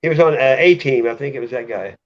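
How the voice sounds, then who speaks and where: A man's voice: mid-range voice, quick pace. A man hosting a casual live chat, joking crudely and laughing often. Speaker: channel host. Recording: muffled lo-fi audio.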